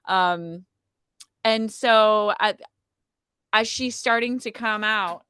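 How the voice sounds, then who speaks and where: A woman telling a personal story in a casual podcast conversation, chatty and animated, with plenty of "like" and "um". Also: medium pitch, takes it slowly, clean tone, dry recording, clean studio sound. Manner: chatty, frequent "like" and "um" fillers, animated retelling. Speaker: podcast guest telling her birth story.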